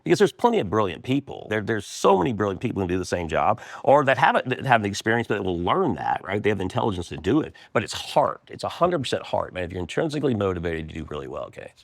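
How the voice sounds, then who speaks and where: A man with a deep, low voice speaks quickly and with conviction, doubling back on phrases to hammer home each point. The sound is close and dry, with no room echo. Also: big pitch swings, vocal fry. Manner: emphatic, repeats phrases, says "man". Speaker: guest, restaurant founder. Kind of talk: casual conversational interview.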